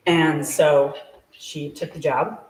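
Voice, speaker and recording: In an echoey small shop hosting a live event, a guest takes it slowly, telling a personal story in a steady, medium-pitched voice. The delivery is chatty, full of "like" and other fillers, with frequent laughs; the voice sounds distant over slight background noise.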